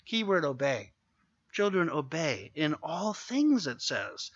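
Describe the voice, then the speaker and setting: A man preaching a sermon, earnest and exhorting, who slows down to stress key points. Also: high-pitched, sing-song, bright, forceful tone, husky, no room sound, highs cut off. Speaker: pastor.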